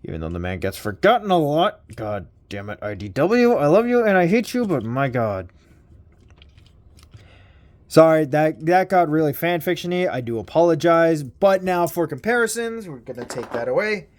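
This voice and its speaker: A man's voice: a little high, sing-song, moderate pace. A man giving a casual toy review, rambling and self-deprecating, with casual swearing.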